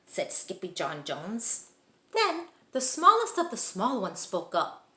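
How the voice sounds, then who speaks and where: Woman teacher narrating a picture book; animated, lively delivery in an echoey room. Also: mid-range voice, takes it slowly. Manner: expressive, animated read-aloud. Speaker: teacher reading aloud. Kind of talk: children's storybook reading.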